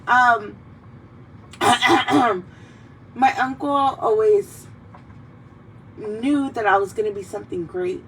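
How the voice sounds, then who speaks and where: A woman's voice: medium pitch, slow pace, pauses often, a bit bright. Rambling, foul-mouthed young woman host. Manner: rambling, swears freely, heartfelt. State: tearful in places. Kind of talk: casual chat while drinking. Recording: mic a bit distant, faint background noise.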